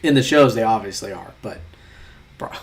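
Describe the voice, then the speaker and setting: A man's voice: on the low side, lively intonation, moderate pace. A young man chatting casually while taking online quizzes, reading questions aloud and rambling in mock-outraged asides, sometimes muttering.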